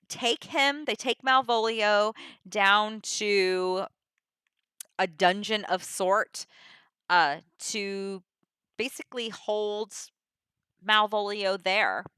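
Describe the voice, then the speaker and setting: A woman walks through a play's story in a relaxed, conversational way, peppering her summary with "you know" and "like." Her voice is bright and clear, and the recording is close and dry with no room sound. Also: mid-range voice, no echo. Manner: chatty, full of 'you know' and 'like'. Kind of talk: casual plot summary of a play.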